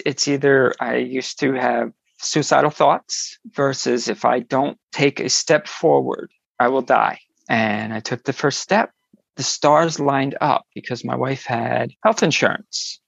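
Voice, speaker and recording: Low, husky woman telling her story. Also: dry recording, dull audio. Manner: animated storyteller, acts out quoted people. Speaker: interview guest. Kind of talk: personal storytelling.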